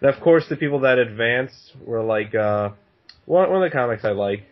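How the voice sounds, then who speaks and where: A man's voice: medium pitch, lively intonation, normal speed. Casual male podcast guest, profane, laughing storyteller, dull lo-fi recording. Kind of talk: casual chat. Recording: dull lo-fi sound.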